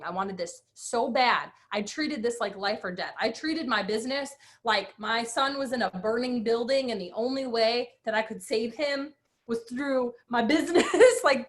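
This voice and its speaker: A woman's voice: fairly high pitch, moderate pace. A woman in her thirties, a guest speaker, telling her personal story with emphatic energy and acted-out quotes. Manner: animated, emphatic, acts out quotes.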